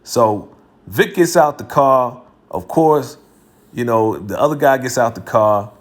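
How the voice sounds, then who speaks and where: A man's voice: medium pitch, animated, unhurried. A man hosting his own video, recapping a TV episode in a slangy, casual way and laughing between lines. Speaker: video host reviewing a TV episode.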